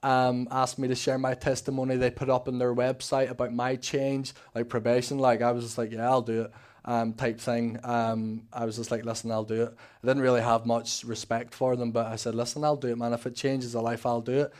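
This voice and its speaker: Nervous Northern Irish man, flat-toned testimony. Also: mid-range voice, a little fast. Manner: rambling, many fillers and restarts, acts out quoted talk. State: a bit nervous. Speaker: church member giving testimony. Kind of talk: personal testimony at a church service. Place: church service.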